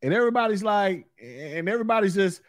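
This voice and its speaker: A man's voice: sits high, lively intonation, fast, dry recording, studio quality. A man hosting his own opinion podcast, talking bluntly and profanely in a heated rant. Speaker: podcast host. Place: recorded in Florida.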